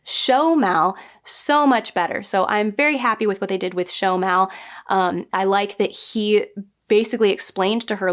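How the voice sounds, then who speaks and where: A woman giving a casual spoken review, chatty and animated, often acting out quoted lines with small laughs. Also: medium pitch, normal speed. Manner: frequent restarts and small laughs. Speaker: book and TV reviewer.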